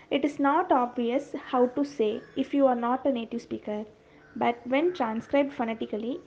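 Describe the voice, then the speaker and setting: A woman's voice: high-pitched, a little mellow. A woman reading a lesson on phonetic transcription aloud, spelling out sounds and example words one by one. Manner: reads out word lists sound by sound. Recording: dull lo-fi recording, faint hiss.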